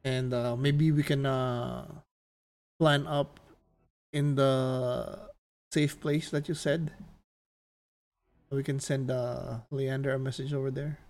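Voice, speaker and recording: A man playing a tabletop game, halting and restarting as he lays out plans. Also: medium pitch, flat delivery, a little mellow. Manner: halting, restarting, eager planner. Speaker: player. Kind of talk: tabletop role-play, in and out of character.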